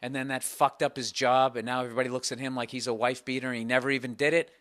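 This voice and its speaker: Racing along in a mid-range voice, a man hosts a laid-back comedy podcast, ranting profanely and telling stories with plenty of animation.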